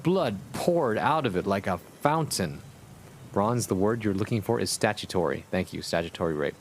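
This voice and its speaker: A man's voice: fairly low pitch, lively intonation, moderate pace, a little hiss or hum. A young man streaming a comic read-through of a fan story, breaking off with sarcastic, laughing asides. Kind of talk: comic live-stream reading with commentary.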